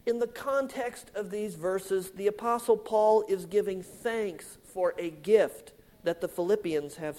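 A male pastor delivers a sermon in an unhurried, measured way. His voice sits fairly high, and he leans on important words before letting each phrase sink to a quieter close. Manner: slow, deliberate, emphatic preaching with drops in volume at phrase ends.

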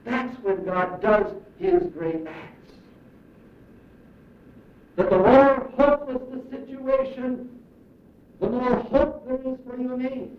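High-voiced preacher guy, earnest and emphatic, sounds far off in an echoey room. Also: steady tone. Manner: earnest, emphatic, slows down to stress key phrases. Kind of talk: sermon. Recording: roomy, distant, muffled recording.

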